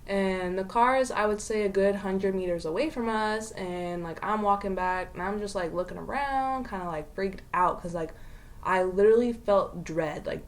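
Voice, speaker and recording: Animated, foul-mouthed young woman. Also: mid-range voice, normal speed. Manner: animated, slangy, swears a lot. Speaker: podcast co-host. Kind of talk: casual storytelling chat.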